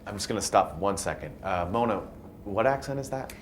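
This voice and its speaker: A man's voice: on the low side, lively intonation, fairly quick, slight background noise, lightly acted. A man directing a play read-through, coaxing and patiently strained, with faint music behind. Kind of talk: rehearsal direction.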